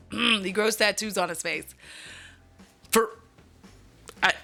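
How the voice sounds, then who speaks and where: A channel host recaps a movie for laughs from home, chatty and full of direct asides to viewers. Her mid-range voice is pushed and bright with vocal fry, and she takes it slowly.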